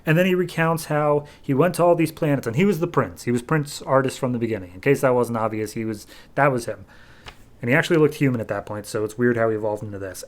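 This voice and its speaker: A man hosting a podcast, giving a casual and sarcastic comic book review full of "like" and loose retellings. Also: medium pitch.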